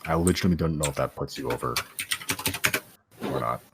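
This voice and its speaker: Very deep gravelly game master. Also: male voice, a little fast, heavy background noise. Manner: stumbling over words while checking numbers. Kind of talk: casual out-of-character chat.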